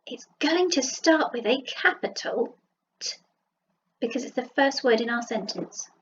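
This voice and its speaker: A woman with a Southern English accent teaching a phonics lesson to young children, sounding out letters slowly and praising them. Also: a little high, animated, a bit bright, dull audio, a little hiss or hum. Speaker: primary school teacher. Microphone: computer mic while writing with a mouse.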